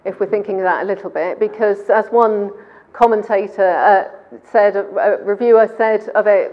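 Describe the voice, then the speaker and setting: A woman's voice: mid-range voice, steady tone, normal speed, muffled recording. A woman preaching a sermon in church, talking conversationally and quizzing her congregation.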